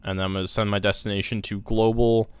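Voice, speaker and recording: A man's voice: lowish voice, flat delivery, fast talker, clean tone, no echo. A young man casually walking through synthesizer settings in a music production tutorial, thinking aloud with fillers as he works. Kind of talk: casual screen-recorded tutorial.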